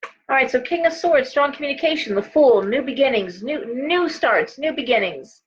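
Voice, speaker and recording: A woman's voice: sits high, lively intonation, normal speed, dull audio, a little hiss or hum. A tired middle-aged woman hosting a live tarot reading, talking in a chatty, rambling way with many restarts and asides. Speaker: host and tarot reader.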